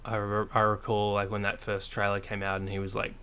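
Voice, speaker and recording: A man with a fairly low voice co-hosts a casual podcast chat. He talks in a blunt, dry, sarcastic way and swears freely. He rambles, often restarting his sentences and filling gaps with ums and likes. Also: completely flat delivery, a little fast, sharp tone, smooth. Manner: rambling and hesitant, full of fillers and restarts. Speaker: podcast co-host.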